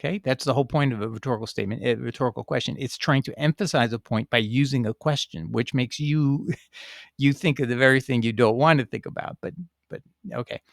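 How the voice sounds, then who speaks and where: A man's voice: medium pitch, quick pace, creaky, no echo, studio quality. A man explaining a scripture passage to a viewer while sharing his screen, in a rambling, emphatic teaching style with frequent restarts. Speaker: Bible teacher answering a viewer. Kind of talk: casual screen-share teaching.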